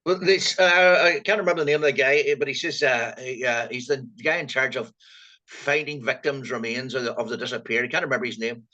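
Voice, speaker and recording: A man with a Donegal accent, co-hosting a casual political chat, animated and colloquial. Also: mid-range voice, fairly quick. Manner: animated, colloquial, lots of fillers. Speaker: co-host. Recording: dull lo-fi sound.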